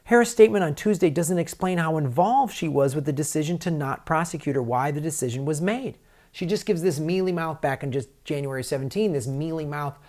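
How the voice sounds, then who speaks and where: A man hosting a political commentary show, ranting angrily and sarcastically, mocking politicians and swinging from loud outbursts to low mutters. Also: fairly quick. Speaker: comedian and political commentator host.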